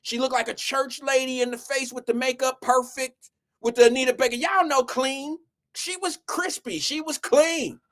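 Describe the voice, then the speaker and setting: At a moderate pace, a live show host delivers an animated, profane comedic rant, swinging from shouts to low mutters. He talks straight to the audience, calling them "y'all" and "guys."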